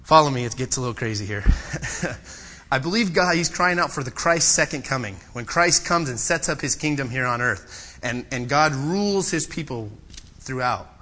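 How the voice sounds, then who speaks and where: Man, sermon, bright tense tone, mid pitch, impassioned then hushed. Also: animated, moderate pace. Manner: impassioned, rising to loud pleading then dropping low and personal. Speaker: preacher.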